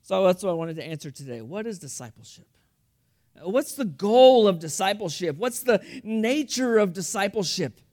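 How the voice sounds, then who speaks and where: Man, pastor, sermon, high voice, earnest, repeats words. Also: very animated, moderate pace, a little mellow. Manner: earnest storytelling with frequent repetitions. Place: church room.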